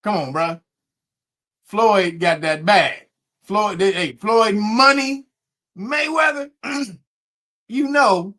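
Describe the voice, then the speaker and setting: A man's voice: high voice, slow pace, long pauses, pushed and bright. A man doing casual commentary, ranting with mocking laughter and profanity. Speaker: commentary streamer.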